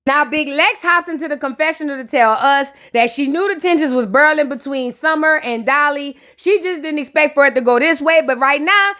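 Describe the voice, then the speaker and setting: Woman, high voice, sassy, chatty, slang-heavy, reality show recap host. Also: fairly quick, few pauses, pushed and bright. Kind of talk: casual gossip recap.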